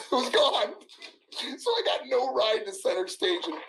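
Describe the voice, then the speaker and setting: A man in his sixties telling a story in an interview, animated, laughing, acting out everyone's voices. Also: extremely high pitch, unhurried, a little hiss or hum, rough recording. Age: 60s. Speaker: guest, former wrestler.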